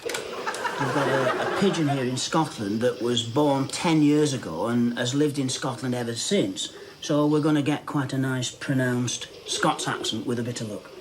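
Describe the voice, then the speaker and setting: A man on a comedy panel show spinning a mock-serious, deadpan story in a TV studio. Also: medium pitch, normal speed. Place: TV studio with an audience. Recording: studio audience and room noise.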